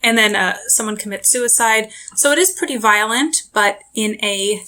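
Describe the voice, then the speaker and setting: A woman co-hosting a casual book podcast, explaining things in a brisk, plain way. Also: a little high, bright, forceful tone. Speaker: podcast co-host. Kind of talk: casual book review chat.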